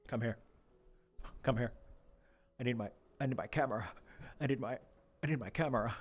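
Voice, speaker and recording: With faint music behind him, a young game streamer talks at normal speed in a medium-pitched voice, pausing often. He's slightly losing his voice as he rambles, jokes, and puts on a mock interviewer voice for the animals.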